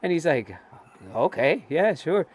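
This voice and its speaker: A man co-hosting a casual fan talk show, telling stories excitedly, swearing freely and acting out what people said. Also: a little high, unhurried. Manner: excitable, swears freely, acts out quoted voices. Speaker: co-host. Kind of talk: casual chat, animated storytelling.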